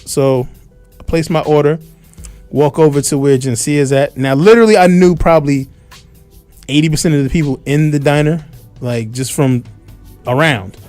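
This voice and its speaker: A man on a radio talk show tells a story in a loose, animated way, his voice sitting a little high. He talks into a studio microphone with faint music playing underneath. He acts out what people shouted at him. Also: normal speed, dry recording.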